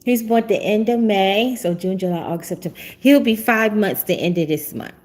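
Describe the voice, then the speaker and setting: A woman's voice: medium pitch, fairly quick, a little mellow. A middle-aged woman hosting a prophetic talk show, chatting casually and laughing often. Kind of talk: casual livestream chat.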